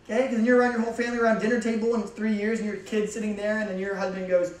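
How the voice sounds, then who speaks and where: A man's voice: high-pitched, little pitch movement, racing. A young man, a youth pastor, giving a casual, joking and emphatic sermon to teenagers in a church hall. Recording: echoey hall from far off.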